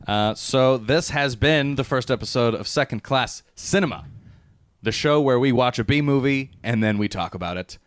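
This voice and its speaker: A man's voice: medium pitch, moderate pace, clear, resonant tone, no room sound. A man hosting a casual movie chat with friends, bantering and laughing. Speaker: host.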